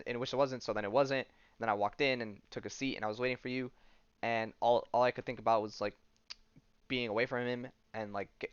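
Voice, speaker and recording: Retelling a comic book plot on his podcast, a man rambles loosely, full of fillers and "she's like." His voice is smooth and medium-pitched, captured in a dry recording with the highs cut off.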